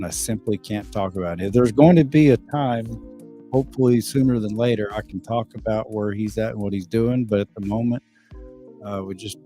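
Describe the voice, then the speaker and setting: A middle-aged man with a fairly low, hoarse voice hosts a loose livestream chat and reads out viewer comments. He rambles and swears freely. Faint music plays behind him. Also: dark tone. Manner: loose, rambling, swears freely, repeats words when starting. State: hoarse, losing his voice. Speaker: livestream host.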